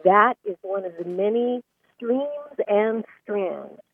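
A woman's voice: mid-range voice, slow, husky. A woman calling in to a radio talk show, telling an earnest, emotional story. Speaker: caller. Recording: tinny phone line, dry.

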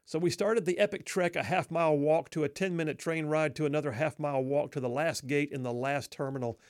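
A man's voice: on the high side, fairly even intonation, fairly quick, no room sound, clean studio sound. Wry man telling a folksy story. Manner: wry, self-deprecating, folksy. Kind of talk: humorous personal storytelling.

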